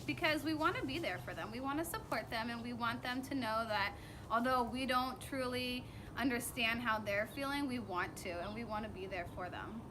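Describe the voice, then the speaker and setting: A woman who is a mother speaks in an animated, reassuring way during a casual outdoor discussion. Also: a little high, moderate pace. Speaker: mother and youth yoga co-host. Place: outdoors in sunny weather. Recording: outdoor recording with clear background noise.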